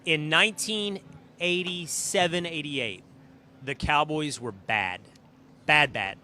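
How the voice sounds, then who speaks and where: A middle-aged man hosting a show, telling casual stories and previewing guests in an animated, emphatic way from a green room. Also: fairly high pitch, slow pace, a little hiss or hum. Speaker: show host. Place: green room at a live event.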